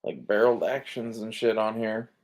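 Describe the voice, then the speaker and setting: A man's voice: on the low side, moderate pace, a little mellow. A man giving casual, rambling commentary on gun listings, laid-back and sleepy, swearing often and trailing off with fillers. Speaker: gun vlogger browsing listings.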